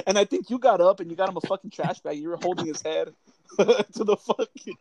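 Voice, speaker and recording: A man's voice: high voice, moderate pace, a little mellow, slight background noise. A young man hosting a casual chat, telling old service stories, swearing freely and laughing often. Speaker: podcast host.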